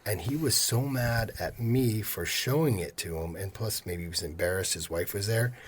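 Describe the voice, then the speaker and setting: A man in his fifties with a low, very husky voice tells work stories in a relaxed podcast chat. He acts out his customers' lines as he goes. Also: normal speed. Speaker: mortgage loan officer, podcast guest. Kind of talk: casual storytelling interview.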